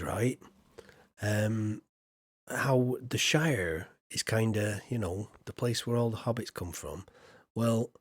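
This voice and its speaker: Playing a farming game on stream, this man from Yorkshire, England rambles casually, pokes fun at himself, and uses plenty of fillers. His mid-range voice has a darkish tone, recorded cleanly in a studio with no echo.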